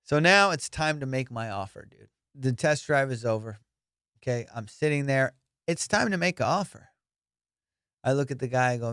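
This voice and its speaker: A man hosting a podcast, telling a story in casual chat, animated and profane, acting out both sides of a conversation. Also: medium pitch, normal speed, smooth, dry recording, studio quality. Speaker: podcast host.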